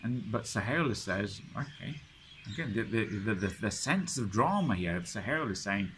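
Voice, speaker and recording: Guy with a lowish voice teaching a study circle, dramatic storytelling, lots of restarts and "right?", faint noise behind. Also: expressive, moderate pace, fairly bright tone. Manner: dramatic retelling, many restarts and "you know", "right?" checks. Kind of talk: lecture storytelling.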